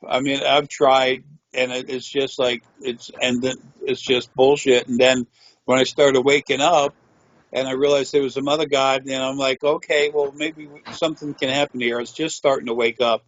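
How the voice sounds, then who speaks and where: A man's voice: medium pitch, level tone, moderate pace, lo-fi sound, slight background noise. A man telling a rambling personal story in a matter-of-fact way, with frequent swearing. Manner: meandering, profane, matter-of-fact. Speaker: interviewee.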